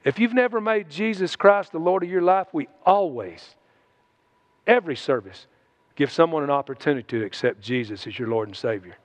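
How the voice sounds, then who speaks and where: A man preaching a sermon to his congregation, exhorting and then dropping into hushed asides. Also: fairly high pitch, expressive, a little fast. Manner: exhorting, swings between loud shouts and hushed asides. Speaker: pastor. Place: church sanctuary.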